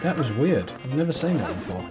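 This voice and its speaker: A man's voice: mid-range voice, very animated, fairly quick. A man streaming a video game, chatting casually, joking and thanking his viewers. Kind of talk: casual live-stream commentary. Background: game music.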